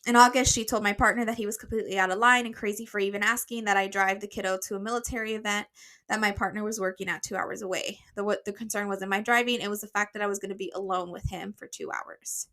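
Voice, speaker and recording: A woman's voice: mid-range voice, fairly even intonation, fast, bright, forceful tone. A woman co-hosting a casual podcast, a bit out of breath as she reads a listener's letter aloud with fillers and restarts. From United States. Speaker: podcast co-host.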